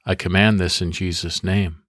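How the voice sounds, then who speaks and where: A man hosting a devotional podcast, leading guided prayer and scripture meditation in a calm, measured, instructive way, recorded close to the mic. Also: deep voice, no echo.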